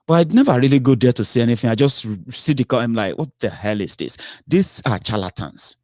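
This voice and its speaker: A man's voice: mid-range voice, expressive, brisk, hardly any pauses, darkish tone, no room sound. Man, impassioned commentary, exasperated, repeats and restarts, dry close sound. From Nigeria. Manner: rising to exasperated outbursts, repeats himself, restarts. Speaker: political commentator.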